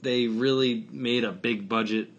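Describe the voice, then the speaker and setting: A man hosting a casual podcast chat, animated and swearing as he rants. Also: medium pitch, unhurried, highs cut off. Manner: animated, profane ranting. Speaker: podcast host.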